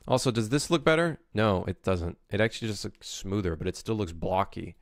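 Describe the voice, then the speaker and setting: A man's voice: fairly low pitch, animated, fairly quick, hardly any pauses, no echo, clean studio sound. Exasperated, swearing young male streamer. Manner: profane, exasperated, talks to chat. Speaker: streamer and game developer. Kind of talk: casual livestream chat.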